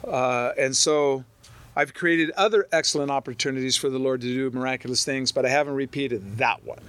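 A man's voice: medium pitch, a little fast, clear, resonant tone, no echo. A middle-aged man preaching a sermon, reading scripture aloud and riffing on it with humor and stories. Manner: animated, storytelling, reads scripture aloud then riffs with humor. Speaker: pastor.

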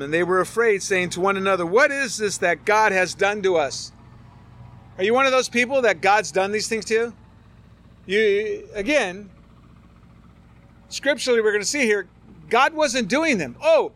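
A man with a high, light voice teaches through a scripture passage. He reads the old verses steadily, then drops into casual, plainspoken asides to his listeners. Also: a bit bright, slight background noise. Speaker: preacher. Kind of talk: Bible study sermon.

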